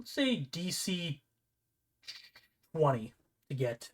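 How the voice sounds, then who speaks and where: A man running a tabletop game as game master, narrating in a relaxed, rambling way. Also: on the high side, very slow, slight background noise.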